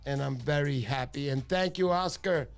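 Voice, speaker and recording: A man's voice: medium pitch, moderate pace, creaky, soft background music. A middle-aged man hosting a fishing channel livestream, chatting casually and joking with viewers.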